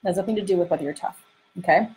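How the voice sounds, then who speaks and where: Animated woman coaching on emotions. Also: on the low side, rapid-fire, faint music behind, poor audio. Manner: animated, acts out inner voices, frequent fillers. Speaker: dating coach. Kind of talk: podcast-style teaching monologue. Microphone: close microphone she bumps while gesturing.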